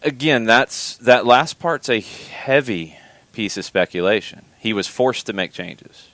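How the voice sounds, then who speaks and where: A man hosting a soccer podcast, giving measured, opinionated commentary and often repeating words as he thinks. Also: medium pitch, lively intonation, a bit bright, no room sound.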